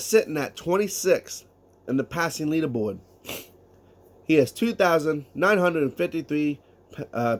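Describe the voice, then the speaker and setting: A man giving casual solo sports talk, emphatic, reading out statistics and asking rhetorical questions. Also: on the high side. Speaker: sports commentator.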